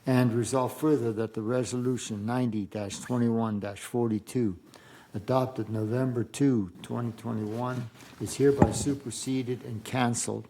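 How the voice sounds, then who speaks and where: A board director reading a formal resolution into the record in a measured way. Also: male voice, medium pitch, fairly even intonation, dark tone, a little hiss or hum, low-quality recording. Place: boardroom meeting.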